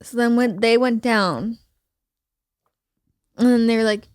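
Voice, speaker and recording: A woman's voice: a little high, a little slow, clean tone, no echo, clean studio sound. A fifteen-year-old girl, a podcast guest, chatting in a laid-back way with her mother and saying "literally" a lot. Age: teens. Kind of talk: casual chat with her mother.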